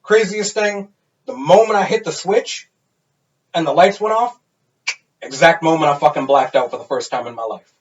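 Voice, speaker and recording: A man in his thirties, a podcast co-host, telling a wild party story in a casual, animated and profane way. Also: on the high side, normal speed, pauses often. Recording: dull lo-fi sound.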